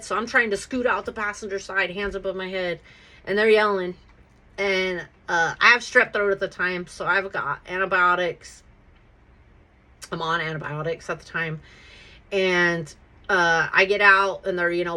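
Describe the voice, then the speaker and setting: A woman with a bright, sharp, ringing voice at a middle pitch, telling her own story casually. She swears freely and speaks with animation, tossing in "right?" as she goes. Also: normal speed. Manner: profane, animated, keeps checking in with "right?". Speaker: podcast host telling her life story.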